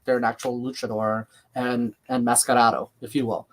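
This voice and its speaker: A man with a slight lisp hosts a live watch-along stream. He talks in a chatty, easygoing way, jumping between calling the action and answering viewer comments. His voice sits at an ordinary middle pitch. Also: flat delivery, moderate pace, few pauses. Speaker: livestream host.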